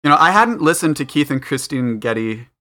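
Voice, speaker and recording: Bright-voiced chatty podcast host man. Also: on the high side, lively intonation, brisk. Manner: chatty, thinking aloud with fillers. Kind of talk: casual chat.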